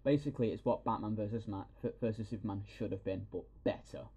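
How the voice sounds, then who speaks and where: A man hosting a podcast, excitedly retelling a film scene by scene with plenty of swearing. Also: fairly low pitch, fast talker, slightly rough. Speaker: podcast host. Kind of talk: casual film review chat.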